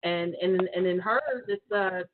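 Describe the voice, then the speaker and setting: A woman's voice: on the low side, a little slow, slight background noise. Rambling woman on a tinny line. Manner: rambling, many fillers. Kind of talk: casual call-in chat.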